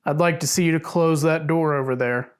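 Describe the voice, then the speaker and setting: A man calling out to a spirit in an upstairs room of an old house at night, making slow, coaxing requests. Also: a little high, steady tone, clear, resonant tone. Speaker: paranormal investigator co-host.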